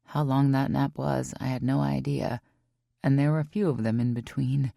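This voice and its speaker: A woman reading a first-person romance audiobook in an intimate, emotive way, with hushed passages. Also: very deep voice, fairly even intonation, normal speed, vocal fry, no room sound, studio quality. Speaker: audiobook narrator.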